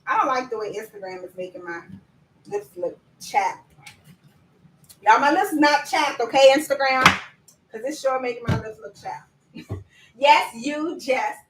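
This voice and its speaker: A woman coaching viewers in a lively live-stream chat, talking to them directly and laughing often. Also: sits high, unhurried, long pauses, echoey room, recorded from a distance, a little hiss or hum, low-quality recording. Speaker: business coach.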